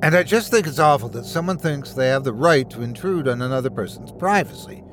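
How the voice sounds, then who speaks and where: A man voicing an elderly woman calling a radio show, droning hoarsely and indignantly. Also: mid-range voice, expressive, fairly quick, soft background music, close to an everyday voice.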